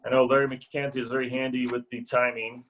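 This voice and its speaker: A man's voice: medium pitch, flat delivery, a little fast, fairly bright tone, low-quality recording. A man chairing an online speaking club meeting, courteously introducing each speaker over a video call.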